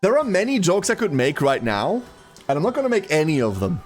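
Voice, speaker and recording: Lively male streamer. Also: a little high, brisk, faint music behind. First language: German. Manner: chatty, talks to chat. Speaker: game streamer. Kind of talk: casual livestream chat.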